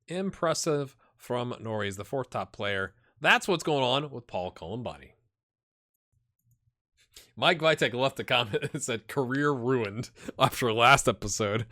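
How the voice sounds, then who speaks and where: Animated man chatting over a game. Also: a little slow. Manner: thinks aloud, talks to his virtual players; animated, jumps high when excited. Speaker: gaming channel host. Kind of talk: casual game commentary.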